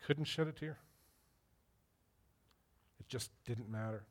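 Speaking slowly in a mid-range voice, a middle-aged man preaches as a pastor, weaving in personal anecdotes and putting questions straight to the congregation.

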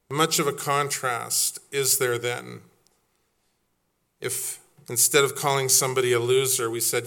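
A man's voice: mid-range voice, steady tone, a little slow, gravelly, fairly bright tone. A middle-aged man preaching a sermon as pastor, quizzing his congregation and acting out quoted voices. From Canada.

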